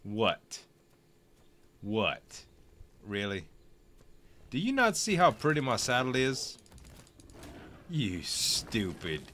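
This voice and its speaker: A man's voice: medium pitch, big pitch swings, takes it slowly, long pauses, bright, forceful tone. A tipsy man chatting and joking while streaming a game. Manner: rambling, joking, playful. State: tipsy from wine. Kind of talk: casual gaming chat.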